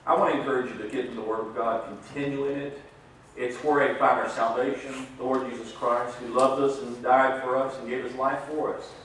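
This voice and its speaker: A man's voice: mid-range voice, steady tone, fairly quick, fairly bright tone, slight background noise. Guy preaching in a church, chatty storyteller, sounds far from the mic, big echo. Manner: folksy storytelling, laughs at his own jokes. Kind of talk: sermon. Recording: echoey hall, mic far off.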